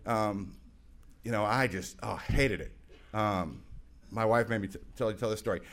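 A man's voice: fairly low pitch, moderate pace. Man rambling through a wry recovery story. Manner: rambling, self-mocking, bursts into loud excited quotes. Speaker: recovery meeting speaker. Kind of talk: personal testimony with humor.

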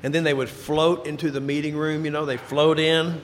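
A man giving a personal recovery testimony, telling his story and dropping into quiet, low tones for emphasis. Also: little pitch movement, moderate pace, slight background noise. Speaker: recovery speaker. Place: large hall before an audience. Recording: reverberant hall, faint ambience.

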